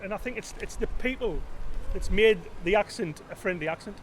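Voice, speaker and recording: A woman's voice: mid-range voice, expressive, a little fast, a little hiss or hum. A woman co-hosting a podcast, asking people about their in casual chat. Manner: chatty interviewer. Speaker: podcast co-host.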